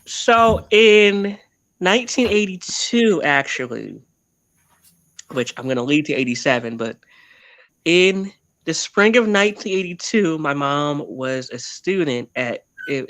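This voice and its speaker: A man's voice: a little high, sharp tone, no echo. A man telling his family history as a guest in a casual interview, rambling and often correcting himself mid-sentence.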